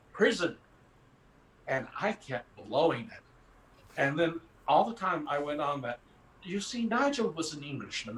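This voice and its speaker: An older actor chatting in a rambling, anecdotal way, chuckling between stories. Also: male voice, a little high, a bit bright, slight background noise. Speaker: actor guest. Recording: roomy echoey sound.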